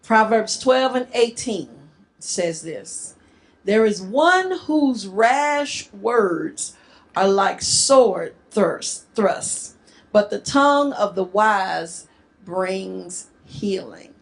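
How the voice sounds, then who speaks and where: A middle-aged woman from the northern US gives a marriage workshop talk to a live group, lively and joking in casual speech. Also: medium pitch, extremely slow. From northern United States.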